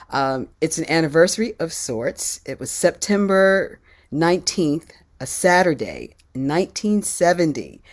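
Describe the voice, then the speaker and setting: A woman's voice: sits low, darkish tone. A woman guest singer from California introducing a song, playful and teasing with the group. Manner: playful, teasing, uses y'all. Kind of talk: casual chat.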